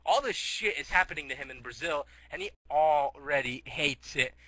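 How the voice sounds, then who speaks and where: A man's voice: on the high side, expressive, normal speed, creaky, sharp tone, dry recording, low-quality recording. A teenage boy telling a rambling comic story, giggly, restarting often.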